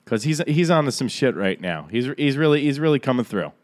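Joking radio host, lively voice. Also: male voice, mid-range voice. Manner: joking, quick riffs. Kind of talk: comedic banter.

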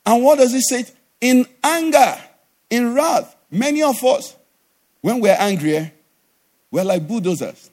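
Male pastor, middle-aged, high voice, animated sermon delivery. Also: measured pace, long pauses. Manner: animated preaching with sudden drops to a low conversational voice and acted asides.

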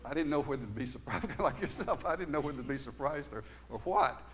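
An older man preaching a sermon, earnest, moving between emphatic stresses and quiet, hushed stretches. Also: on the high side, lively intonation, fast. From Southern United States.

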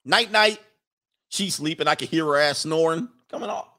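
A man's voice: on the high side, fairly quick, a bit bright. A man riffing casually and comically as a streamer reading viewer comments, slangy and crude, breaking into laughter often.

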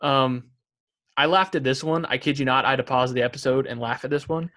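A man's voice: medium pitch, brisk, bright, forceful tone. A man co-hosts a laid-back podcast, chatting about a show with his co-host. He reads out favorite lines in a casual, amused way and laughs as he goes. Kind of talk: casual chat.

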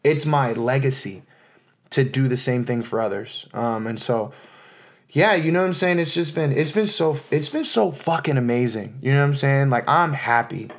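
American man, 30s, solo podcast host, middle-pitched, loose and heartfelt delivery. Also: lively intonation, normal speed. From United States. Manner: heartfelt, loose and rambling, with many fillers. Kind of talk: casual solo podcast monologue.

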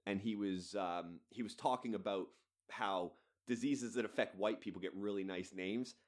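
A man's voice: fairly low pitch, normal speed. A man hosting a podcast, ranting bluntly and swearing freely. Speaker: podcast host. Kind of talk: solo podcast rant.

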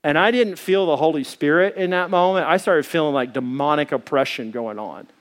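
A man preaching a sermon, telling a story in an animated, colloquial way. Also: fairly high pitch, a little fast.

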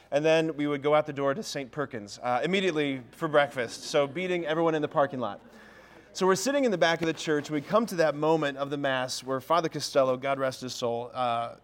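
A man in his thirties from Ohio, a priest giving a humorous talk to parents and telling self-deprecating stories. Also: a little high. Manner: self-deprecating storyteller, keeps asking "right?". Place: parish hall or church.

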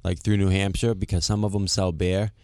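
A man's voice: sits low, level tone, a little fast, darkish tone, no echo, clean studio sound. A young man, co-hosting a casual podcast, bantering in a laid-back way and reading the show's rundown. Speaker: podcast co-host. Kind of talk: casual chat.

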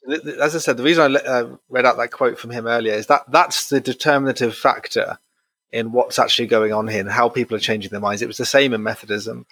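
A man hosting a podcast, thoughtful and measured, pausing and hesitating as he works through his points. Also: medium pitch, fairly even intonation, a bit bright, no room sound. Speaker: podcast host. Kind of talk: conversational podcast discussion.

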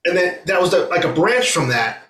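A man who is a musician and a podcast guest, chatting casually and talking in quick, animated bursts. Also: high voice. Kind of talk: casual conversation. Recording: echoey room.

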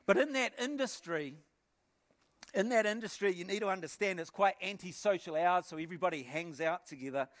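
A middle-aged man with a New Zealand accent, a pastor telling his personal testimony in an animated way, acting out scenes and repeating words. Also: high voice, a little fast.

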